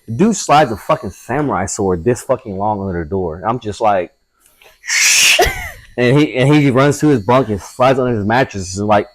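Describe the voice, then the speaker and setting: A man's voice: mid-range voice, expressive, moderate pace, fairly bright tone, slight background noise. A man, a tattoo artist guest, telling a casual story full of swearing and acting out the voices of people he quotes. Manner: profane, acts out quoted voices.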